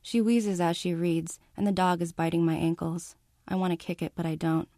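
A woman author reading a passage of her novel aloud in a calm, measured first-person narration. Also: fairly low pitch, dry recording, studio quality.

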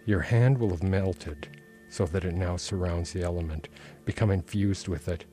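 Deep-voiced man reading dark fiction. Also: over music. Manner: measured, dark and intense first-person narration. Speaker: author reading his novel. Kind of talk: literary reading.

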